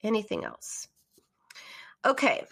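A woman's voice: mid-range voice, huge pitch swings, slow pace, gravelly. A middle-aged woman hosting a call-in live stream as a therapist, talking in an earnest, encouraging way. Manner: earnest and encouraging, acts out emotional phrases. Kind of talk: casual live-stream advice talk.

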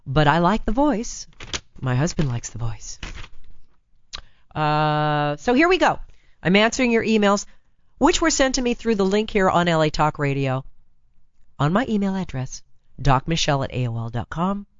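A woman hosting a talk radio advice show, chatty, blunt and teasing, with a raspy, hoarse voice from laryngitis, talking into a studio microphone. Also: on the low side, big pitch swings, moderate pace, long pauses, no echo, lo-fi sound.

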